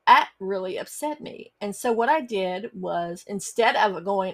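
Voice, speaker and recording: A woman's voice: mid-range voice, normal speed, vocal fry, hardly any pauses. A middle-aged woman, hosting a personal storytelling podcast and talking earnestly, with frequent fillers and restarts. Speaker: podcast host.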